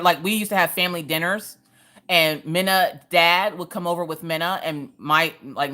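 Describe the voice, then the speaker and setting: A woman hosting a casual crafting livestream, telling family stories in a lively, animated way. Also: lowish voice. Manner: lively storytelling, acting out family voices. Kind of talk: casual chat while crafting.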